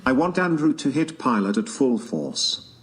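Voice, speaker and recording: A male text-to-speech voice with a flat synthetic delivery, reading out viewer donations. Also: medium pitch, moderate pace.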